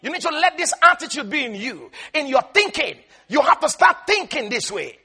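Here a male preacher with a very high-pitched voice animates his sermon, slowing down to draw out key words and dissolving into laughter at points.

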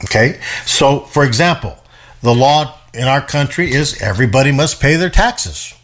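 A man leads a relaxed Bible study in a conversational way. He speaks emphatically, repeats words as he thinks, and acts out the voices in the stories he retells. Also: medium pitch, moderate pace. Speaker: Bible teacher.

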